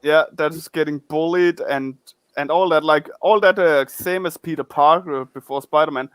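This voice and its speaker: Halting, higher-voiced male podcast host. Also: clean tone, dry recording. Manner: halting, repeats words often. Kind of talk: casual chat.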